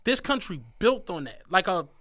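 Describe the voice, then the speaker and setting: A man's voice: high voice, moderate pace. A man co-hosting a podcast, telling stories in casual, profane chat and acting out the people he quotes. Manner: animated, profane, acts out quotes in shifting voices. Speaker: podcast co-host.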